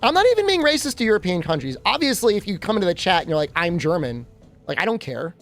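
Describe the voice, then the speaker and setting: A man's voice: sits high, big pitch swings, very fast, a bit bright, faint music behind. A man streaming a game, rambling and joking with his chat in a casual way. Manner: rambling, joking, talks to chat while playing.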